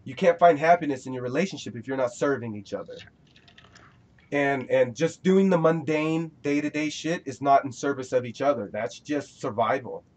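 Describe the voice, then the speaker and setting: A man's voice: medium pitch, normal speed, darkish tone. Rambling male podcast host. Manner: rambling, preachy, restarts often. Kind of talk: casual podcast chat.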